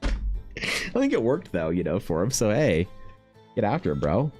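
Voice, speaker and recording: A young man chatting casually on his art stream, rambling and swearing freely, often mimicking other people in quick high voices. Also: huge pitch swings, darkish tone, soft background music. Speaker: artist streaming while painting.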